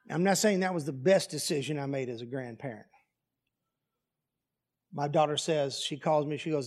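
A man's voice: on the high side, a little fast. A middle-aged man preaching, telling family stories in a folksy, plainspoken and humorous way. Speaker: pastor. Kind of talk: storytelling sermon.

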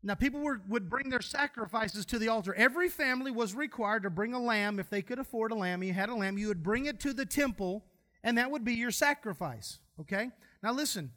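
A man delivers a sermon in a church. His voice sits high and bright. He jokes and tells homespun stories between verses. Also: a little fast. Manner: folksy, humorous storytelling preacher. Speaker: pastor.

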